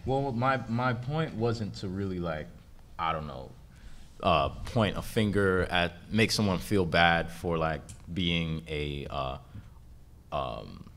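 On a comics convention panel, a man with a low voice speaks slowly and casually. He's laid-back and laughs often, growing animated as he tells a story.

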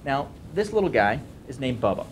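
Man, deep bass voice, puppetry trainer, casual instruction. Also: very animated, fairly quick, a little hiss or hum. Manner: casual, demonstrating, many ums. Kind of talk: instructional talk.

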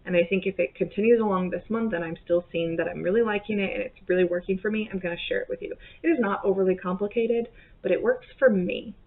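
Woman from southern indiana, bit of a southern twang, gravelly voice, rambly stitching chat, thin phone-ish sound. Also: medium pitch, fast, narrow, tinny audio. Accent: slight Southern US. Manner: rambling, many fillers and restarts. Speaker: cross-stitch vlogger. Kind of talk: casual chat.

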